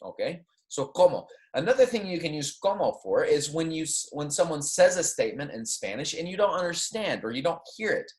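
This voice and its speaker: A man's voice: fairly high pitch, big pitch swings, brisk, hardly any pauses. A man teaching a Spanish lesson as a recorded lecture, explaining with frequent fillers and checks like "right?", and modeling phrases with a strongly rising question tone.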